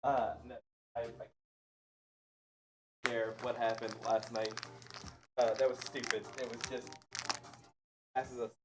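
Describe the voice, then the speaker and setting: Brief: male co-host, mid-pitched voice, chatty rambling storyteller who laughs often. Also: flat delivery, slow, pauses often, noisy background. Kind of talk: casual chat.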